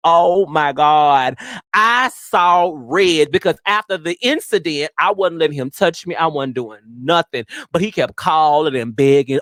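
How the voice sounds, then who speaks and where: A woman hosting a podcast, telling stories in casual chat with a profane, animated manner. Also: low-pitched, unhurried, no echo, studio quality. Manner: profane, animated storytelling with frequent "girl". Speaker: podcast host.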